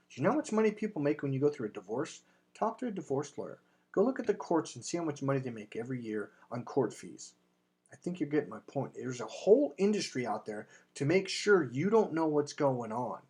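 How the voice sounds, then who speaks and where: A man's voice: medium pitch, darkish tone, husky. A man talking as a dating coach, delivering an emphatic, blunt sales monologue with casual swearing. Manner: acts out quoted voices in anecdotes.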